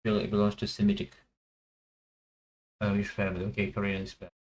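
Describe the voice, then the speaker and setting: A man thinking aloud as he plays a language guessing game, hesitant and full of pauses and fillers. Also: lowish voice, big pitch swings, rough recording. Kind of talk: thinking aloud while playing.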